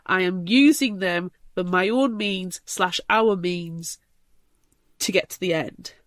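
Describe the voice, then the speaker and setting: A woman's voice: lowish voice, slow, a bit bright, no echo, clean studio sound. A woman co-hosting a podcast in casual chat, playfully spinning silly scenarios. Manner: playful, spins silly scenarios with put-on quoted voices. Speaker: podcast co-host.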